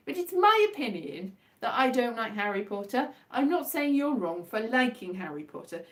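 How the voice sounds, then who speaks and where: A tired woman from Wales with a softened Welsh accent, hosting a stream and rambling in a casual, self-deprecating way that trails off. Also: medium pitch. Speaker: livestream host. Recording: distant from the mic.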